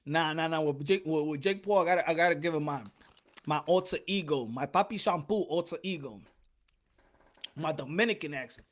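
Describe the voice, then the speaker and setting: A man's voice: a little high, brisk. A man hosting a boxing podcast in casual chat, rambling, joking and swearing freely.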